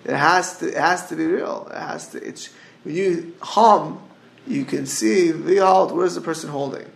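A man's voice: fairly high pitch, unhurried, gravelly. A middle-aged man giving an informal Torah class, digressive and full of restarts. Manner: digressive, restarts often, hums melodies. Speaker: Torah teacher.

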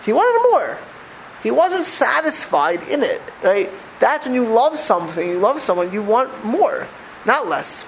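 A man's voice: high voice, sing-song, measured pace, a little hiss or hum, low-quality recording. An older man giving a conversational Torah class, repeating phrases and asking his listeners rhetorical questions. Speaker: religious teacher.

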